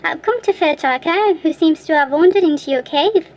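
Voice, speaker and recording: A woman's voice: extremely high pitch, normal speed, muffled recording. A woman voicing a brave, polite little boy in a storybook reading. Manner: polite and bold.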